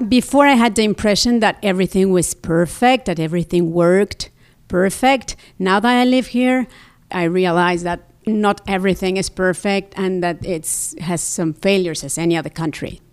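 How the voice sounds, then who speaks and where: A woman's voice: fairly low pitch, clean tone. A woman from Mexico with a Mexican Spanish accent, a native Spanish speaker, reflecting on her life and often repeating words for emphasis. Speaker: immigrant interviewee. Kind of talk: personal testimony.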